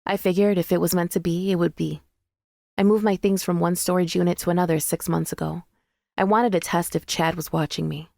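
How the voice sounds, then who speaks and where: A woman reads a first-person audiobook in a measured, intimate way. Her fairly low voice carries a gravelly, fried texture. The recording is close and dry, from a studio booth. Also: flat delivery, darkish tone, no room sound. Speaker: audiobook narrator.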